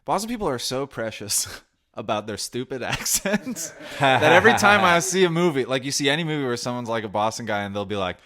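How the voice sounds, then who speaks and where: A man from New Jersey hosting a podcast, telling rambling, animated stories with frequent restarts. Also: medium pitch, a little fast. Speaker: podcast host. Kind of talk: casual chat.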